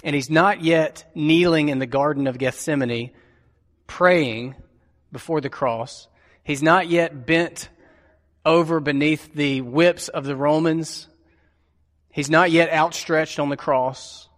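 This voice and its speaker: A man preaching a sermon, retelling a scripture story slowly and vividly, leaning on deliberate emphasis. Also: on the high side, a bit bright, long reverb tail.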